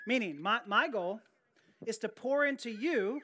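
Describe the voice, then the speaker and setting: A woman's voice: on the high side, lively intonation, a little slow, sharp tone. A woman pastor preaching a sermon in an earnest, emphatic way, often repeating key phrases and restarting her sentences.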